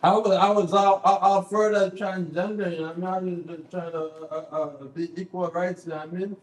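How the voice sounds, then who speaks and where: A man with a high, fairly even voice talks a little fast as he hosts a comedy show in a basement comedy club. Loose and stammering, he hypes the crowd and tells a bit, emceeing and doing stand-up in an echoey room with slight background noise.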